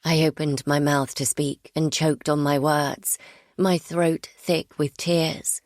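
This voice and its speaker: Woman narrator, low voice, dry close recording, measured first-person thriller reading. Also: flat delivery, darkish tone, no room sound. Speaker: audiobook narrator.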